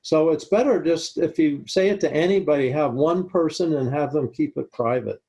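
A man speaking as a guest expert, calm and instructive, slowing down on key points in a talk-show discussion. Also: a little high, slightly rough, poor audio. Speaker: guest expert on high-conflict disputes.

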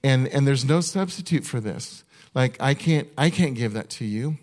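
A male pastor giving a sermon in an earnest, conversational way, often restarting his sentences and slowing down to read a list one item at a time. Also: mid-range voice, animated, darkish tone.

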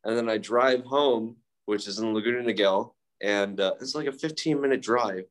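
A man's voice: on the low side, moderate pace. A young man, telling his own story at a recovery meeting in a candid, profane, self-mocking way, with many fillers. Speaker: speaker sharing at a recovery meeting. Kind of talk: casual personal storytelling.

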